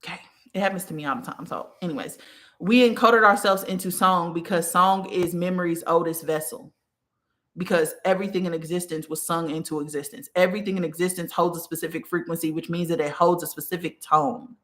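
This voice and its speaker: A woman with a somewhat low voice gives a casual spiritual teaching talk as host. She speaks earnestly and straight to the listener, often checking in with "okay?" and going back to restart her phrasing. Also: steady tone, a little fast, fairly bright tone.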